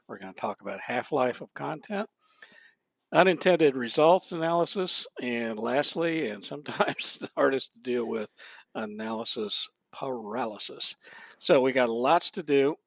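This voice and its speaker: Upbeat guy hosting a design lesson, husky gravelly voice, dry close sound. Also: medium pitch, moderate pace, a bit bright, no echo. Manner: upbeat, walks through a list. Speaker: host. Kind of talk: instructional talk show.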